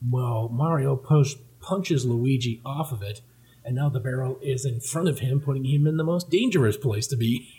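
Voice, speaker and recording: A man's voice: medium pitch, mellow, breathy edge, rough recording. A man hosting a casual comic read-through, joking and laughing as he narrates. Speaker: host.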